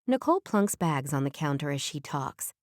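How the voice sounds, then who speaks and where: Female audiobook narrator; even, clear first-person read, lowish pitch, dry studio sound. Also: moderate pace, dry recording.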